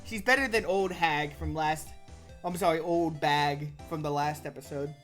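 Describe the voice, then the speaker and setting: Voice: mid-range voice, moderate pace, fairly bright tone, soft background music. A streamer giving casual, rambling commentary while playing a game, with lots of "like" and filler. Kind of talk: casual let's-play commentary.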